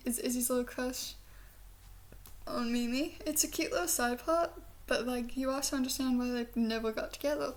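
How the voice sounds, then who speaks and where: Young-sounding female vlogger from the US South, slight speech impediment, high voice, rambling casual review with whispered asides. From Southern United States. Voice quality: speech impediment that she says sounds British. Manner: chatty and giggly, with many "like" fillers and soft whispered asides. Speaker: video reviewer.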